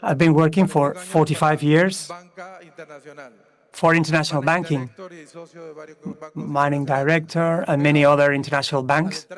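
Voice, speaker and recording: An older man in his sixties delivers a political rally speech with a high-set voice. He speaks slowly and emphatically, pressing each phrase home. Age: 60s. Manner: slow, emphatic, with rallying chants.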